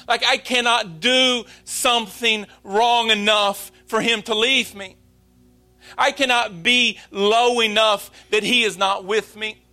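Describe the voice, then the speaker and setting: Pastor in his late 30s, sermon, very high voice, slow, heartfelt delivery. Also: steady tone, bright, forceful tone, faint music behind. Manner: earnest, confessional, slow and emphatic.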